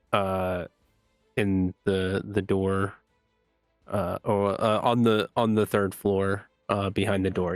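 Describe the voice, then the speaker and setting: A man running a tabletop game as game master, describing scenes with many pauses and fillers. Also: on the low side, clean tone, dry recording, clean studio sound.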